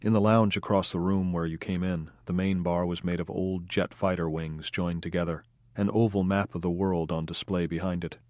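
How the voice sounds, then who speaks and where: Deep-voiced male audiobook narrator. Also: flat delivery, moderate pace, darkish tone, no room sound, clean studio sound. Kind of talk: scripted narration.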